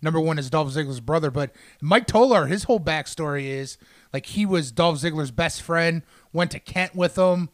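A man as a podcast guest, adding quick, wry asides and background detail to the host's story. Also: fairly high pitch, no room sound, studio quality. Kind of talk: casual chat.

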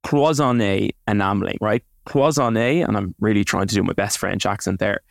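A man's voice: on the low side, fairly quick, creaky, no echo, clean studio sound. A man co-hosting a podcast, explaining things in a casual way with lots of fillers and restarts. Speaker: podcast co-host.

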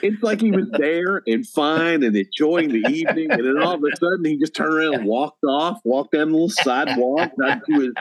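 A man's voice: fairly high pitch, fairly quick, hardly any pauses. A middle-aged man telling a story as a podcast guest, acting out quotes with gusto. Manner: animated storyteller, acts out quotes loudly. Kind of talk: casual chat, storytelling.

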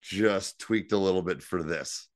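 A man's voice: low-pitched, measured pace, dry recording, clean studio sound. A man co-hosting a podcast, recapping a TV episode in casual, rambling chat and acting out characters' lines. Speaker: podcast co-host.

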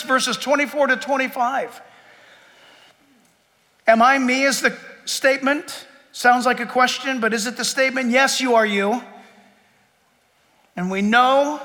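A man preaching a sermon as pastor, emphatic, surging to loud peaks and then sinking low and quiet. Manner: emphatic, rising to near-shouts then dropping low. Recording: long hall reverb.

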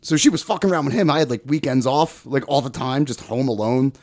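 A man's voice: mid-range voice, fast, a little mellow. A man in his forties telling a personal story in casual chat as a podcast guest, rambling, profane and often laughing.

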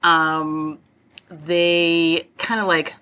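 A woman's voice: sits low, flat delivery, drawn-out words, sharp tone. A woman co-hosting a podcast, chatting casually and laughing often. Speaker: podcast co-host. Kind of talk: casual chat.

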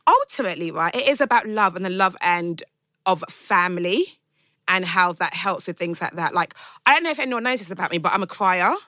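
A woman chatting on a podcast with a bright, lively voice that swings up and down. Her sound is dry and close. She is casual and sweary and tells stories with gusto. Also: fairly low pitch, fairly quick, no room sound. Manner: chatty, swears freely, apologises through laughter. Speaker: podcast co-host. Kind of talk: casual chat.

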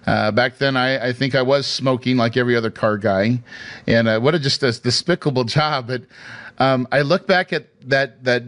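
A man's voice: mid-range voice, moderate pace, fairly bright tone. A man casually telling a personal story in a chatty way, with frequent restarts and tag questions. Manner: chatty, hesitant restarts, asks "right?" often. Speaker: speaker sharing his career story.

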